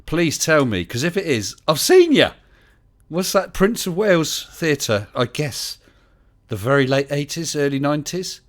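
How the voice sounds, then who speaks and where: A man's voice: fairly high pitch, big pitch swings, a little slow. A man hosting a casual live-stream chat, laughing often and reading out messages from chat. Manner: chatty, laughs often, reads chat aloud. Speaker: host.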